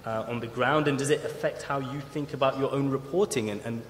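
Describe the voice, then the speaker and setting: A man moderating a festival panel, framing questions haltingly with frequent restarts. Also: mid-range voice, steady tone. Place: large festival hall. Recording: roomy echo and long hall reverb, faint noise.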